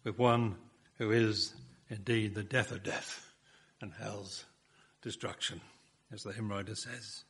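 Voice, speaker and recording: A man's voice: lowish voice, fairly even intonation, takes it slowly, long pauses, fairly bright tone, breathy edge. A man preaching a sermon, building his points with rhetorical questions and emphatic repetition.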